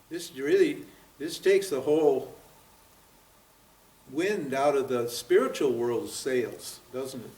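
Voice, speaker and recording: A man's voice: medium pitch, slow pace, long pauses, a little mellow. A man in his seventies giving a spiritual seminar lecture, pressing his listeners with rhetorical questions and frequent "huh?" and "what?". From United States. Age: 70s. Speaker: spiritual teacher. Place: seminar room at a yoga center. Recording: roomy, from far off.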